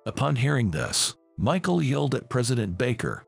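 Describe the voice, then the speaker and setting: Gravelly-voiced male storyteller. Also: mid-range voice, very animated, normal speed, hardly any pauses, faint music behind. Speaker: narrator. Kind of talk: scripted first-person story narration.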